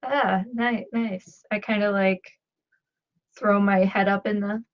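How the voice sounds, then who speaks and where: A deadpan woman playing a tabletop game, tossing off her lines with offhand sarcasm. Her voice is mid-pitched, and it comes through dull and lo-fi over voice chat. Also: a little slow. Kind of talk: casual in-character play over voice chat.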